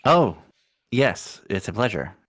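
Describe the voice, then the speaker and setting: A man reads an earnest young law student, polite and formal, in a very low voice that rises and falls a lot. A soft hiss and clicks sit behind it. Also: very animated, takes it slowly, exaggerated voice. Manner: courteous, earnest.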